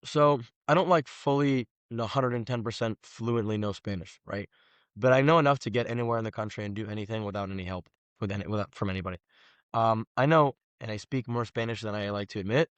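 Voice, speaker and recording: A man, a guest telling animated, slangy stories on a casual podcast. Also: lowish voice, fast, no room sound. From Los Angeles, USA. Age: 20s. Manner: animated storyteller, slangy, says "bro" often.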